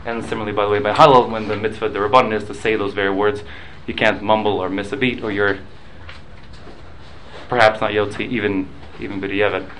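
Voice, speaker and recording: A man's voice: fairly low pitch, level tone, a little fast, fairly bright tone, slight background noise, low-quality recording. A man teaching a Talmud class, explaining rules with examples and often repeating and restarting his words.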